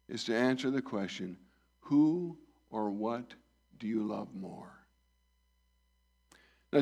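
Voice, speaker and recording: A man preaching a sermon, reading scripture and voicing the dialogue, rising loud then dropping soft. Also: mid-range voice. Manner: reads scripture and acts out the dialogue, swells and drops in volume.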